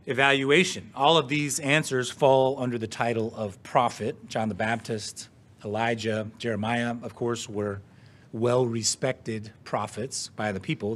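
A man, the pastor, preaching a sermon in a measured, earnest way, stressing key words and asking rhetorical questions, and now and then clearing his throat. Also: mid-range voice, a bit bright.

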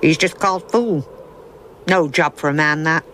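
A woman's voice: sits low, normal speed, a bit bright, a little hiss or hum. A woman voicing a stern, proud old witch in a cartoon, haughty and disapproving. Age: older. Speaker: head witch. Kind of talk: animated cartoon voice acting.

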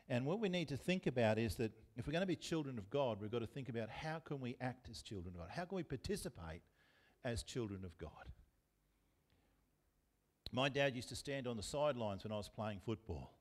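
A man's voice: mid-range voice, animated, a little fast. A man with an Australian accent preaching a sermon as pastor, talking conversationally and putting questions to the congregation. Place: church.

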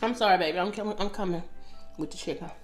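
A middle-aged woman with a mid-range voice who eats on camera and chats to her viewers between bites, humming and sighing over the food. Faint music plays softly behind her. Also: mid-range voice, fast talker, echoey room. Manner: chatty, talks to viewers while eating, lots of mm sounds. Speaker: mukbang host. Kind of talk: casual eating chat.

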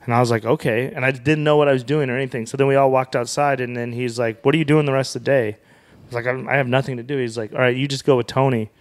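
Podcast guest, young man from Wyoming, mid-pitched voice, loose anecdotal storyteller who slips into quoted dialogue. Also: steady tone, fast talker. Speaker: comedian and author guest. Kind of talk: casual storytelling in a podcast interview.

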